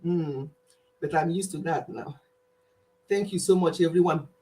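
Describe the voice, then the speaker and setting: A woman hosting a live stream, greeting viewers with excitement and leading an earnest prayer. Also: deep voice, unhurried.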